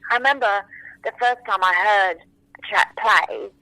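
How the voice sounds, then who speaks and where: A woman in her forties, a French native speaker, is an interview guest sharing memories with lively enthusiasm. She often slips into little acted-out quotes. Her voice is bright and crisp, recorded close and dry with no room sound. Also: medium pitch, a little slow, dry recording, rough recording. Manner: animated, enthusiastic, acts out quotes. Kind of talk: casual interview storytelling.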